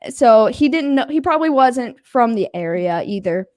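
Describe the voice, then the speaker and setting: Her voice is fairly high and her pace moderate as this young adult woman spins a casual tale, voicing what everyone said. Laughter and offhand swearing run through her animated delivery, captured in a dry, clean studio recording.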